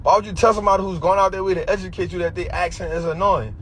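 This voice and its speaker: A man's voice: sits high, fairly even intonation, racing, slight background noise. A man with an Atlanta Black American English accent, giving a preachy finance talk on a livestream in street slang, repeating his points. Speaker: finance educator.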